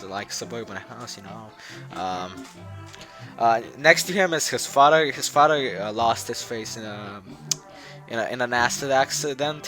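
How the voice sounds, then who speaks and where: A man's voice: medium pitch, bright, forceful tone. A man presenting his game project in a loose, rambling way, full of fillers and restarts, often chuckling. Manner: chuckling, offhand. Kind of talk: joking game showcase.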